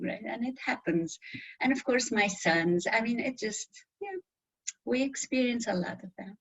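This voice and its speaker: A woman's voice: on the high side, moderate pace, breathy edge. A woman from the Middle East with a thick Middle Eastern accent, a guest in an interview who talks candidly and animatedly about her experiences. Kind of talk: casual interview answers. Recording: dull lo-fi audio.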